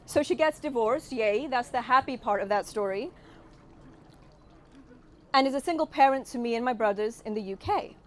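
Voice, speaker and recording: A woman comedian in her forties telling stories onstage in a high, light voice. Her British accent has been softened by years in California. She delivers wry punchlines in a steady storytelling rhythm. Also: moderate pace, pauses often, slight background noise. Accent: British with a slight Californian tinge. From United Kingdom. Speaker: stand-up comedian. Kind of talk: stand-up comedy set.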